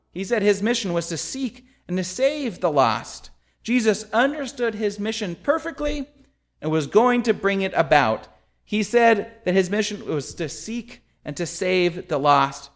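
A man preaching a sermon, with emphatic rhetorical questions and storytelling. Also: high-pitched.

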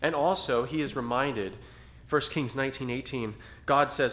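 A man's voice: medium pitch, moderate pace, fairly bright tone. A man preaching a sermon to a small congregation in a conversational style, rising to dramatic emphasis at times. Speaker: pastor.

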